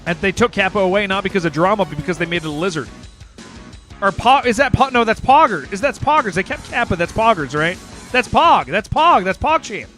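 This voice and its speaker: Male game streamer, high lively voice, bright tone, rambling casual chat, faint music behind. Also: a little fast. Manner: excitable, rambling, says "man" and "dude" often. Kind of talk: casual livestream chat with viewers.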